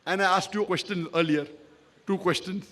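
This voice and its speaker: This Islamic lecturer's voice is high-pitched and fairly bright, brisk with a steady tone, as he responds to an audience member in a public question-and-answer session. Emphatic and repetitive, he frequently checks in with "correct?"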